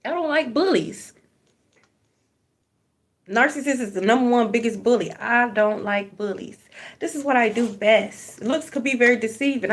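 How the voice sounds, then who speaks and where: Blunt, preachy woman reading cards. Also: medium pitch. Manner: repeats phrases for emphasis. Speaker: tarot card reader. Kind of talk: spiritual card reading monologue.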